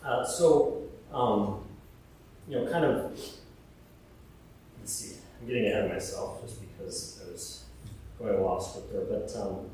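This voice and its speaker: A man's voice: medium pitch, normal speed, warm tone. A man giving a eulogy, fond and hesitant, with many fillers and restarts. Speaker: eulogy speaker. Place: large funeral hall. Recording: echoey hall, mic far off.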